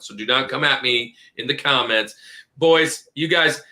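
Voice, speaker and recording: A man's voice: mid-range voice, brisk, pushed and bright. A young married man chatting animatedly on a podcast, calling his friends dude and bro. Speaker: podcast co-host. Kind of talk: casual podcast chat.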